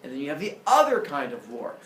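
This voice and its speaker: Jokey teacher telling myths to a class. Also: male voice, fairly high pitch, fast talker, a little hiss or hum. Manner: jokey, animated, acts out characters. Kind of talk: storytelling lesson. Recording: roomy classroom audio from far off.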